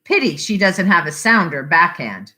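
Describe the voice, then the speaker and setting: Woman putting on a loud pompous Englishman. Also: lowish voice, sing-song, moderate pace. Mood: blustery. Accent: put-on English. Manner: loud, know-it-all. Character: pompous talkative Englishman, middle-aged man.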